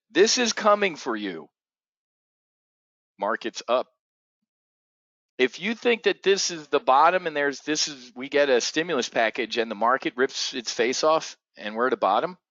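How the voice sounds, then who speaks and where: Excitable, blunt trading show host. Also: male voice, medium pitch, dry recording, muffled recording. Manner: excitable, profane, blunt asides. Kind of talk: live market commentary.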